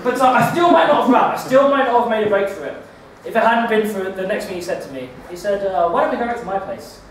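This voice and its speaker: A man doing a stand-up set, telling a rambling story in a deadpan way with stammered restarts. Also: high voice, quick pace, a crowd in the background. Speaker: stand-up comedian. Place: comedy club stage. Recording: echoey club from far off.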